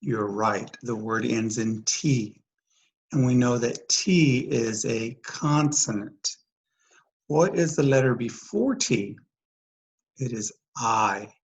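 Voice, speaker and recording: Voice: mid-range voice, rough recording. A teacher giving a recorded phonics lesson, speaking patiently, repeating each word and asking the listener questions. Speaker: dyslexia teacher.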